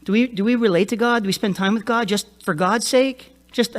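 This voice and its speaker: Man, pastor, sermon, high voice, casual and chatty, middle-aged. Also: fairly quick. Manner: conversational, laughs often, frequent "right?" tag.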